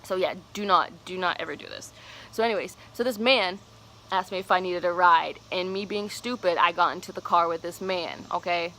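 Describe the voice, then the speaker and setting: Young woman, vlogger, bright sharp voice, casual candid storytelling, swears freely, faint noise behind. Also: on the low side, normal speed, low-quality recording. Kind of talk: storytime vlog.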